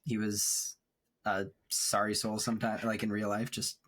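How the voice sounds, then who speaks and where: Podcast co-host, male, husky lowish voice, rambling and reflective. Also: level tone, moderate pace, fairly bright tone. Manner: thoughtful, rambling, laughs often. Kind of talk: casual chat. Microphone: remote recording setup.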